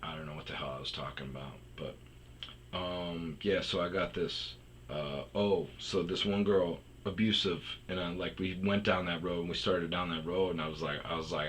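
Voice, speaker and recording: Deep-voiced man with a tense, forceful edge, rambling casually through profane stories. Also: steady tone, fairly quick, a little hiss or hum, low-quality recording. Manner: rambling, profane, frequent restarts and fillers. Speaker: storytelling podcaster. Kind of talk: rambling casual storytelling monologue.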